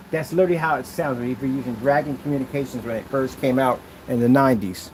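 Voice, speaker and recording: A man's voice: medium pitch, fast, a little mellow, slight background noise, poor audio. A man hosting a casual product demo vlog, rambling loosely with asides as he shows projection screens. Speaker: channel host demonstrating projection screens.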